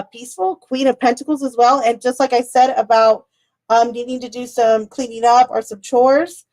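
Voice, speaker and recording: A woman with a high voice and a somewhat dark tone reads tarot cards live for her viewers. Her chat rambles loosely and stays casual and personal, full of laughter with the occasional swear slipping out.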